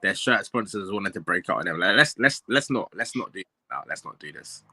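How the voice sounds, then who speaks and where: Low, bright-toned young man. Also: expressive, fairly quick, breathy edge, no room sound. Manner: emphatic, keeps saying bro. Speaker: guest pundit. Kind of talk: casual football chat.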